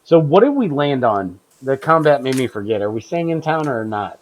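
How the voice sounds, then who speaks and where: A man's voice: mid-range voice, big pitch swings, moderate pace, a little hiss or hum. A man chatting casually as a tabletop game player, hesitant and prone to restarting his sentences.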